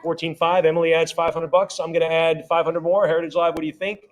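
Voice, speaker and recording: A man working as an auctioneer at a live sale, rattling off rising bids in quick repeated calls and breaking off for friendly asides about the items. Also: on the high side, level tone. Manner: rapid repetitive bid calling with chatty asides.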